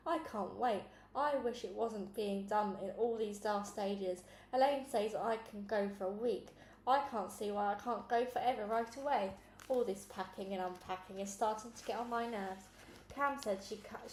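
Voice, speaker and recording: A woman reading a children's novel aloud in a lively way, acting out each character in turn. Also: mid-range voice. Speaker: storybook reader. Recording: roomy room with faint background noise.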